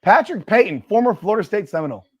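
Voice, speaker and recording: Fast-talking and high-voiced with a breathy edge, this man hosts a live football watch party on a sports stream, recorded with no room sound. He reacts to plays and rants about rankings, repeating himself and yelling at the action like an excited fan.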